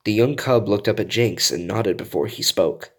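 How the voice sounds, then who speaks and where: Low-voiced man reading a story aloud. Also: normal speed. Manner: animated narration with character voices. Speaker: story reader.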